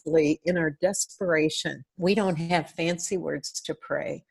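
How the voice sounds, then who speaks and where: A woman's voice: fairly low pitch, a little mellow. An older woman, a guest in an interview, telling an emotional personal story in an earnest way. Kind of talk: interview testimony.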